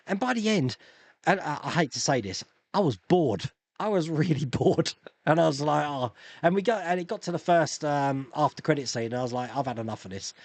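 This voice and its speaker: Man in his 50s, from England, live stream host, chatty, laughing, slightly high voice, dry room. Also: no echo. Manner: chatty, animated, laughs often. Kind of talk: casual live chat reading viewer comments.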